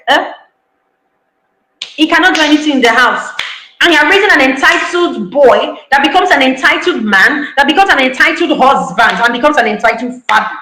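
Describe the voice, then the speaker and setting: A woman's voice: high voice, expressive, moderate pace, sharp tone, reverberant, rough recording. A woman giving an online parenting talk, emphatic, repeating key lines and acting out parents' voices. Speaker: parenting speaker.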